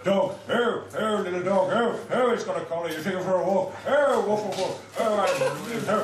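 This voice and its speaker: A man's voice: sits high, normal speed, recorded from a distance, voice pushed up, lightly acted. A man doing a manic, stammering comic. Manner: stuttering "er, er" fillers, blurting. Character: manic stammering male comic, rambling, excitable. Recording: echoey bar heard from afar, noisy.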